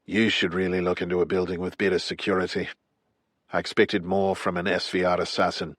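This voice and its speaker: A man narrating an audiobook and voicing a calm, menacing hitman with a South African accent, low and unhurried. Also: no echo, clean studio sound. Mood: cold. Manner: low, cool, unhurried threats.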